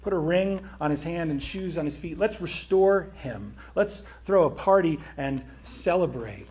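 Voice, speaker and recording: Man playing a gentle, forgiving father. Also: on the high side, animated, measured pace, husky. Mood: joyful. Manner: gentle and coaxing. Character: forgiving, gentle father of two grown sons.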